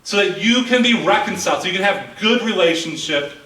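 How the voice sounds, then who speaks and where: Earnest high-voiced male pastor preaching. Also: lively intonation, brisk, sharp tone. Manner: earnest, repeats words as he builds. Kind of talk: sermon. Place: church sanctuary. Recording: echoey church hall from far off.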